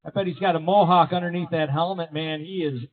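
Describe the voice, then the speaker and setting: A man announcing races live at an outdoor BMX track, with energetic play-by-play full of rider nicknames. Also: fairly high pitch, fairly quick. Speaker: race announcer. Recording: tinny, phone-like sound.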